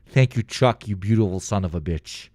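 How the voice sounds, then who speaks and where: A man live-streaming a video reaction, chatting casually, joking and swearing, jumping from loud outbursts to low mutters. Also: normal speed, no echo, studio quality. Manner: loud, swearing, jokey, swings between shouting and muttering.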